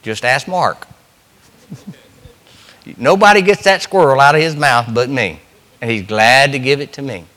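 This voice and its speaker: A man's voice: medium pitch, lively intonation, measured pace, long pauses, pushed and bright. A middle-aged man, preaching a sermon as pastor in a folksy, emphatic way, rising and dropping sharply. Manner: folksy, emphatic preaching with sudden rises and drops.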